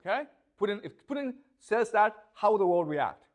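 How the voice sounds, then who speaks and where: A man's voice: high voice, sing-song, normal speed. A man giving a classroom lecture, posing rhetorical questions and constantly checking that his students follow.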